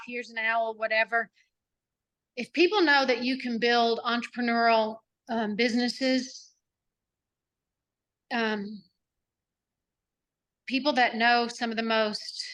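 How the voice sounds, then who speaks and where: A woman's voice: on the high side, bright, forceful tone. A middle-aged woman, a nonprofit founder, answering interview questions over a video call in a chatty, rambling way full of asides and fillers.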